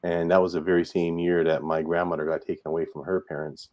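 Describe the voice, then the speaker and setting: Guest: an older man from Newfoundland, very low voice, plain-spoken, muffled dry line. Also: level tone, fast talker, a little mellow, dry recording. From Newfoundland, Canada. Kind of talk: interview conversation.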